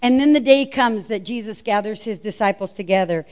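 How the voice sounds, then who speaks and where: A woman's voice: medium pitch, fairly quick, a little mellow. A woman preacher delivering a sermon, telling the story with animation and acting out the lines of the people in it.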